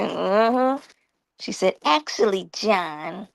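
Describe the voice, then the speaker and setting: A woman's voice: mid-range voice, unhurried, vocal fry, no room sound. A woman hosting a casual live stream, reading viewer comments aloud in a playful, teasing way and laughing often.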